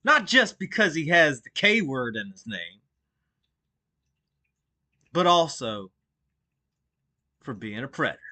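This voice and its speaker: A man's voice: fairly high pitch, very animated, slow pace, long pauses, sharp tone. A man hosting a stream, giving sarcastic, theatrical mock-outraged commentary full of swearing. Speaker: streamer host.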